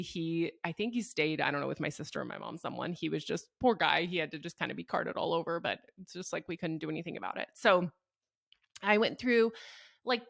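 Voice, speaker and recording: A young woman talks through a personal story in an easygoing, earnest voice that sits a little low. Her speech is loose and chatty and full of fillers. The sound is dry and close. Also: creaky, no echo. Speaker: mother telling her birth story. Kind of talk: casual storytelling.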